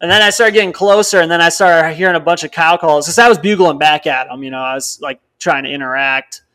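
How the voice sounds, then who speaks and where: A podcast co-host from Wisconsin, a young man with a fast, rather high voice, rambles through a hunting story. He's animated and quotes others by acting out their dialogue.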